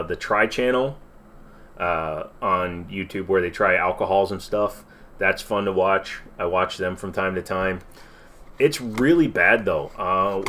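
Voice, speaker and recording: A man's voice: deep voice, fairly bright tone. A man hosting a casual livestream Q&A from his desk, rambling with lots of fillers and self-deprecating asides. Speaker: channel host.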